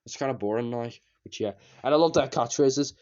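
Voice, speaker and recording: A man's voice: medium pitch, brisk, darkish tone. A man giving a casual spoken review of a cartoon series, rambling and repeating himself as he trails off into fillers. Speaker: TV show reviewer. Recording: slightly dull lo-fi recording.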